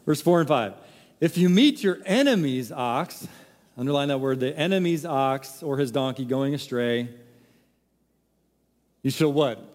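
A man's voice: mid-range voice, animated, measured pace, pauses often, darkish tone, in a large hall. A man preaching a sermon, emphatic and full of rhetorical questions. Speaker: pastor.

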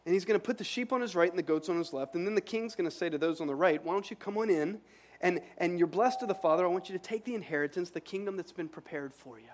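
A man's voice: sits high, fast, slight background noise. A man preaching a sermon in an earnest, emphatic way, repeating phrases for weight. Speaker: pastor.

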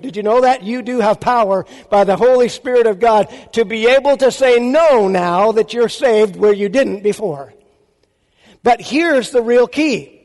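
A male pastor delivers a sermon with emphatic force, hurling rhetorical questions at his listeners. His very high voice has a darkish tone, and the sound rings out with a long reverb.

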